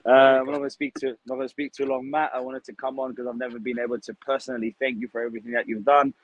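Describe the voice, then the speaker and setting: A man's voice: mid-range voice, flat delivery, fast, dry recording, poor audio. A man, a fan dropping into the conversation on his break, cheeky and grateful as he speaks to the guest. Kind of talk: casual chat.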